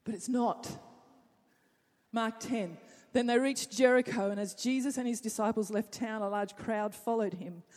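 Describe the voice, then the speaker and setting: A woman preacher delivers a dramatic sermon, dropping to hushed tones and then building to loud appeals. Her voice fills a church hall with a long trailing reverb. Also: a little high, normal speed.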